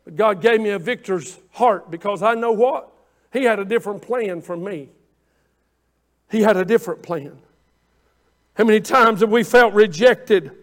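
A man preaching a folksy sermon, moving from quiet talk to loud, shouted exhortation. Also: high-pitched. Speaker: pastor.

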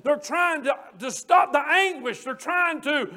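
A man with a strikingly high voice preaches a fervent sermon. He builds his points through repetition and often lifts into hollering. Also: unhurried, sharp tone. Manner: repeats and restarts phrases for emphasis.

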